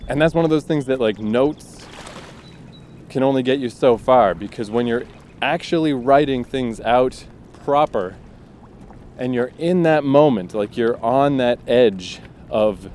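A man's voice: mid-range voice, unhurried, darkish tone, slight background noise. A man, a fiction writer, talks casually about his writing, thinking aloud and acting out his characters' lines.

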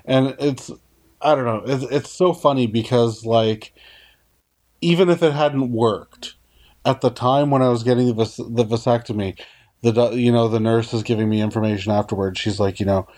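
Guy with a warm low-key voice swearing his way through a story, blunt casual chat. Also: normal speed.

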